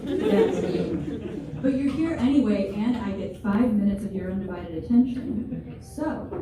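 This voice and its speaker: Playful asides and self-deprecating humor mark this twenty-something woman's stand-up routine, delivered wryly to a live crowd in a big hall. Heard distantly in a very echoey, noisy recording with the crowd in the background, her mid-range voice is expressive and a little slow.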